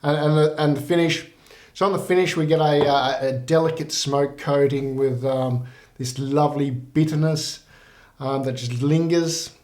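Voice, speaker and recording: A man's voice: a little high, normal speed. Rambling man reviewing whisky. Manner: relaxed, rambling, many fillers. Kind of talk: casual tasting review. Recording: roomy echo.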